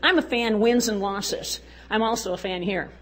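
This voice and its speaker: An older woman speaking at a church women's event gives a folksy, exuberant testimony, urging and cheering on her listeners. Her voice is mid-range and her pace moderate.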